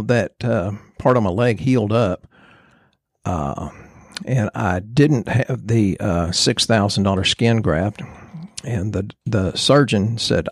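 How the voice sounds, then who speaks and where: A man, a chiropractor co-hosting a health podcast, telling a rambling, self-deprecating personal story and clearing his throat often. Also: low voice, no echo, clean studio sound. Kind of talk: casual health podcast talk.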